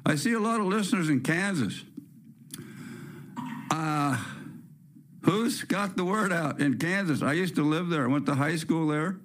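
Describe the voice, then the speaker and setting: An older man with a slightly high voice hosts a talk-radio show in a blunt, rambling rant. He jumps from one complaint to the next and keeps his opinions loud and plain. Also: a little slow, long pauses. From California. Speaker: host. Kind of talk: ranting talk-radio monologue.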